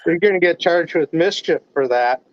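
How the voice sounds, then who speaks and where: A man's voice: on the high side, lively intonation, normal speed, dry recording. A man from the Chicago area calling in over a video call, telling stories animatedly and acting out the dialogue. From United States, Chicago area. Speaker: guest caller. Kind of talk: casual storytelling chat. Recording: dull lo-fi call audio, dry.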